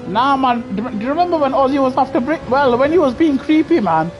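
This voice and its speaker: A man calls his own sim race live, his pitch jumping all over as he jokes and laughs. He teases other drivers with cheeky banter, talking into a gaming headset at his home racing rig. Faint music sits behind him. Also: lively intonation, a little fast. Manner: jokey, laughing banter, cheeky trash talk. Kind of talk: live gameplay commentary.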